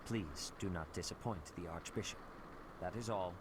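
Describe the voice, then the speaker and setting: A man voicing a stern, strict church official in a video game, speaking formally and crisply. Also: sits low, normal speed, background noise, natural voice.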